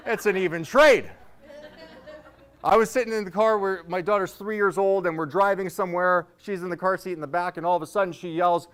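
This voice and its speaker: A man's voice: sits high, steady tone, a little fast, fairly bright tone, clear, resonant tone. A man in his thirties doing a stand-up set, telling loose, rambling stories with self-mocking asides. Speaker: stand-up comedian.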